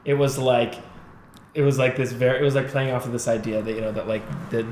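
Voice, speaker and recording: A man's voice: medium pitch, steady tone, a little mellow. Easygoing young man, roomy podcast sound. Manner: laid-back, quick reactions and profanity. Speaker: podcast co-host. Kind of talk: casual chat. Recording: roomy echo, faint background noise.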